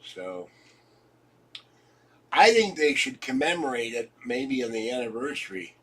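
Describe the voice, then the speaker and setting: A man's voice: mid-range voice, expressive, measured pace, a bit bright, husky, recorded from a distance, low-quality recording. A congested man chatting casually for his home video, joking and chuckling as he rambles from topic to topic. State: congested, coughing. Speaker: vlogger.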